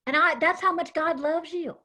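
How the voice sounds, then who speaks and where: A woman acting out Jesus as a calm, loving man who reassures gently, in a children's Bible lesson. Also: very high voice, moderate pace. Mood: gentle.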